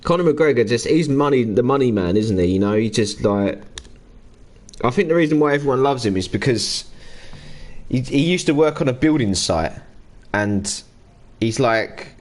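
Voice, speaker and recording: A man in his thirties talks through a football management game on a live stream. He is casual and chatty, greets viewers by name, and reads the game's messages aloud in a mid-pitched voice. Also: expressive, moderate pace, darkish tone. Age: 30s. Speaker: gaming livestreamer.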